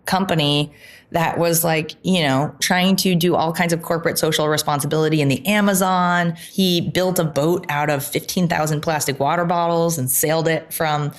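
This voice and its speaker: A woman guest on an interview podcast, telling her story in a casual, animated way and laughing often. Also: deep voice, moderate pace.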